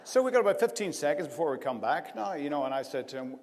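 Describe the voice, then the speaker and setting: A man's voice: fairly high pitch, very animated, fast talker, noisy background. A man giving an after-dinner speech, telling a rambling anecdote and breaking into laughter as he goes. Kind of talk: storytelling speech to a live audience. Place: large event hall. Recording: long hall reverb.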